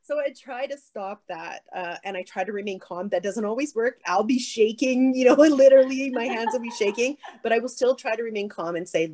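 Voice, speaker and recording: A woman speaking on stage in an earnest, firm way. Her voice sits in the middle range, and she keeps the talk lively and conversational. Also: medium pitch, normal speed, few pauses. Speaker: keynote speaker.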